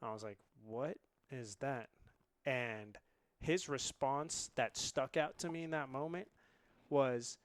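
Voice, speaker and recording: A man in his late twenties, originally from India, telling a story as a podcast guest in a lively, laughing way. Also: mid-range voice, takes it slowly, no echo. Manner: animated, laughs often. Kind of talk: casual storytelling.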